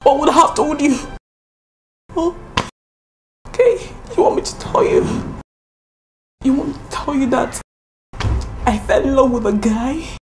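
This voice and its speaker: A woman's voice: high-pitched, expressive, unhurried, pauses often, slight background noise. A woman with a Nigerian accent playing a distraught, pregnant young woman who talks defensively, near tears. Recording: echoey room.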